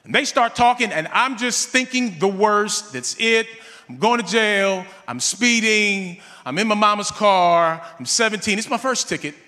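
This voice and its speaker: A man preaching a sermon, telling a personal story with animated delivery and calling on the congregation. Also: high-pitched, in a large hall.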